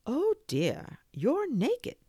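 The wise, gentle moon of a children's storybook, put on by a woman reading aloud. She speaks high and sing-song, swooping far up and down with slow, drawn-out words and a faint gravel underneath. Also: huge pitch swings, dry recording, studio quality, heavily acted. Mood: kind.

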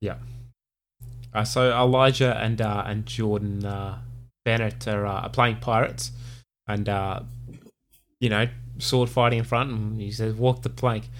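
A man's voice: on the low side, measured pace, long pauses, a little hiss or hum. A man co-hosting a podcast, casually recapping an episode with many fillers and acted-out quotes. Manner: relaxed, many fillers, acts out quoted lines. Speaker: podcast co-host.

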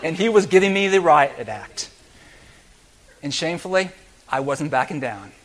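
A middle-aged pastor preaches in a church, his fairly high voice leaping up and down as he tells a story. He swings between loud exclamations and near-hushed confession. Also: lively intonation, moderate pace. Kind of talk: sermon. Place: church sanctuary.

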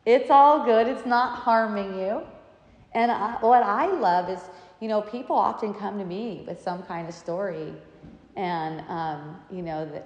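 A woman's voice: medium pitch, unhurried, muffled recording. A woman telling stories in a casual talk, meandering and often breaking into laughter. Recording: echoey room with long reverb.

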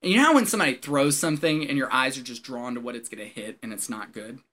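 A former Marine tells a story in casual conversation, animated and profane, laughing often as he speaks. He has a medium-pitched voice and talks fast.

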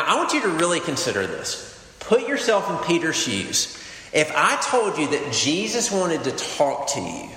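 A man's voice: fairly high pitch, pushed and bright, slight background noise. Man, campus minister, earnest conversational sermon, fillers, very echoey hall, long reverb.

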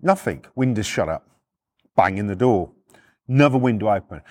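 Casually recounting his own stories for a podcast, a middle-aged man from the United Kingdom swears freely, speaks bluntly and changes pitch to act out quotes. He is expressive at normal speed, pausing often, in studio-quality audio with no echo.

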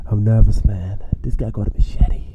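A young man from Australia telling a frightening personal story in a casual, animated way, often ending phrases with "man". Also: on the low side, normal speed, dull audio, background noise. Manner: animated, self-mocking, acts out his own panic; repeats lines and ends phrases with "man". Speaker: podcast storyteller.

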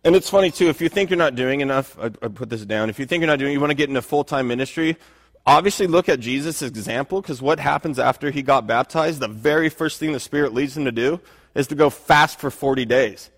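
A pastor preaches a sermon in an earnest, conversational manner, frequently restarting his phrases. He speaks fast at a medium pitch, surrounded by a hall's long reverb.

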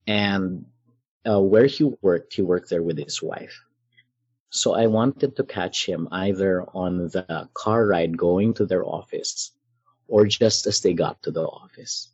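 A man telling a personal story in conversation, measured and dramatic, pausing and laughing softly as he goes. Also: sits low, breathy edge, no echo, lo-fi sound. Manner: measured, dramatic retelling with pauses and soft laughs. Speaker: guest storyteller.

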